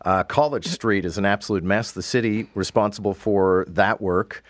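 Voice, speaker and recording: A man hosting a morning radio show, briskly steering the panel to the next stories. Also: lowish voice, no echo. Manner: brisk, moves the talk along. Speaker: radio host.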